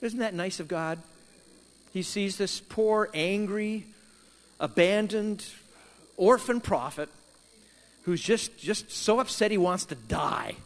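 A man preaching a sermon, telling a Bible story with lively emphasis and acting out the characters' words. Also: high voice, slow pace, pauses often, long reverb tail. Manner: animated storytelling, voicing Jonah and God in quoted lines. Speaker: pastor.

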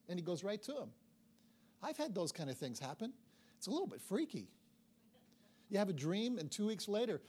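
A man delivers a sermon to a congregation, telling a personal story and slipping into the other people's voices as he goes. His voice sits a little higher than most men's. He sounds middle-aged. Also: brisk, husky. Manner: animated storytelling, acts out dialogue. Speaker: pastor.

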